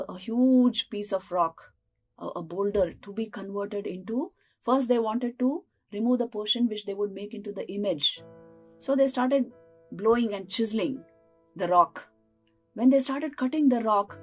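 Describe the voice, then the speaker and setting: A woman voicing a calm, wise male deity who speaks from a temple statue and patiently explains himself to the steps. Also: mid-range voice, close to an everyday voice, rough recording.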